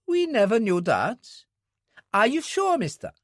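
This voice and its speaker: Narrating an audiobook, a man voices a middle-aged woman who runs an island café, sounding earnest and anxious. He pitches his voice very high, well above his own, with huge swings, an exaggerated, slightly bright delivery, and an unhurried pace. The recording is clean studio sound with no room sound.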